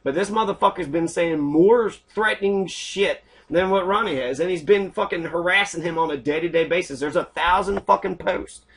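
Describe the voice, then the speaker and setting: Man, high voice, furious political rant, constant cursing, talks over a screen share. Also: normal speed, hardly any pauses, fairly bright tone, slightly rough. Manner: angry, heavy swearing, ranting. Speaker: online show host. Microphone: computer mic while scrolling screen.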